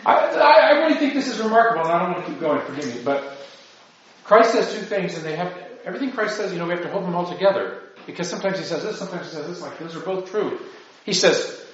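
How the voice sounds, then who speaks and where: A man's voice: high-pitched, animated, fast, a little hiss or hum. A man giving an informal spiritual talk to his parish, rambling and self-deprecating, full of asides. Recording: distant mic, very echoey, dull lo-fi sound.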